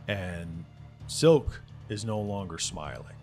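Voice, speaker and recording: A man's voice: sits low, moderate pace, soft background music. A man running a tabletop game as game master, narrating in a loose, rambling way.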